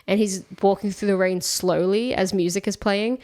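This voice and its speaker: A woman co-hosting a comedy film podcast, chatting in an animated, sweary and playfully over-the-top way. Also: mid-range voice, normal speed. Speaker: podcast co-host. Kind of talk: casual comedic chat.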